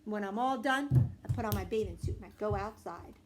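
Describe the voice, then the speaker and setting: A woman reading a children's storybook aloud with expressive narration and lively character voices. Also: fairly quick, noisy background. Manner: voices a young girl with bursts of high excitement. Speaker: audiobook reader.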